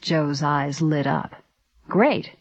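A woman narrating a story aloud in a steady, even reading voice. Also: deep voice, moderate pace, dry recording. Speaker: audiobook narrator. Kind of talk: scripted narration. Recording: dry, slightly dull recording.

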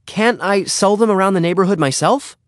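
A man voicing an eager, stubborn young boy in a storybook reading, pitching his voice up and pleading. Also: brisk, dry recording, studio quality, lightly acted. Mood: hopeful.

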